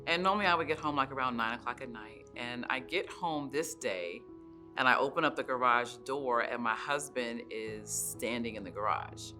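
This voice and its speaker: A woman's voice: very deep voice, expressive, normal speed, bright, forceful tone, faint music behind. A woman sharing a personal faith testimony in a conversational storytelling way, often saying "like" and "you know". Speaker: church member sharing her testimony.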